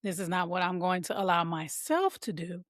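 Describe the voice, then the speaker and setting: A woman's voice: on the low side, sing-song, moderate pace, dry recording, studio quality. A woman hosting a motivational podcast for moms, talking casually and calling her listeners y'all. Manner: warm conversational, addresses listeners as y'all. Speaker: podcast host and mom coach.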